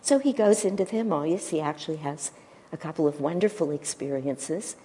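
Mellow low woman in a hall. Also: animated, a little hiss or hum. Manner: gentle, storytelling, pauses to search for words. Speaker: spiritual teacher. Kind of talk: devotional talk retelling a story.

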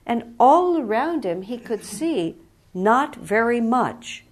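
A woman's voice: fairly high pitch, expressive, unhurried. A woman teacher giving a spiritual talk, telling a story in an earnest, reflective way.

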